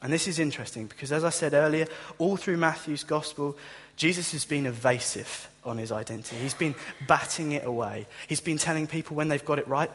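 A man with a fairly high voice preaches a sermon a little quickly, his words followed by a long reverb tail. He tells stories with humour, animatedly acting out the voices of the people in them.

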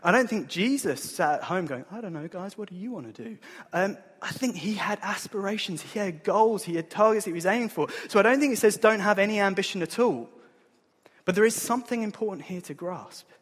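A man, preaching a sermon in an earnest, conversational way, with a husky voice. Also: sits high, animated, a little fast. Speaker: pastor. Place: church hall. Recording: long hall reverb.

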